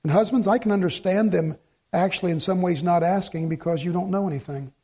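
A middle-aged male pastor with a notably high voice delivers a sermon. He is an animated storyteller who slips into the voices of the people he quotes and repeats his points for emphasis. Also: fairly quick, slightly rough.

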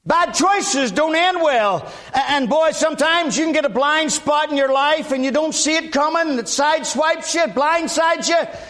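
Older preacher guy from alabama, very high voice, folksy, says amen a lot. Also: normal speed, fairly bright tone. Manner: folksy, repeats himself, frequent amens. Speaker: guest preacher. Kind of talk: sermon.

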